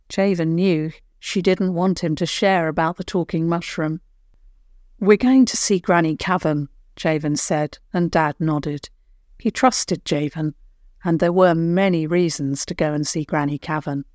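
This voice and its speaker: Woman reading a kids' bedtime story, real slow and calm, lowish voice, dry close mic. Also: dry recording. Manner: slow, soothing, unhurried.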